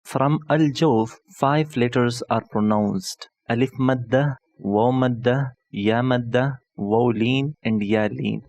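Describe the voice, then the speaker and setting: A man teaching an online lesson as a tutor, speaking patiently and deliberately, repeating each point in several ways and spelling out terms slowly. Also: medium pitch, a little mellow, dry recording. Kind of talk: explanatory lesson.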